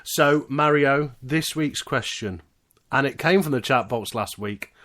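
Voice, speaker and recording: A man's voice: mid-range voice, unhurried, a bit bright. A man hosting a casual podcast, joking around and hyping up announcements like a showman. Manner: playful, hypes up announcements like a showman. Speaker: podcast host.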